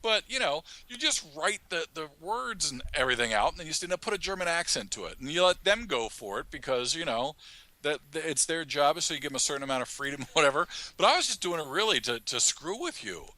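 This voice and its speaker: A man who writes an audio drama, chatting on a podcast in a halting, self-mocking way and laughing often mid-sentence. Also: on the high side, sing-song, sharp tone, no echo. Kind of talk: casual podcast chat.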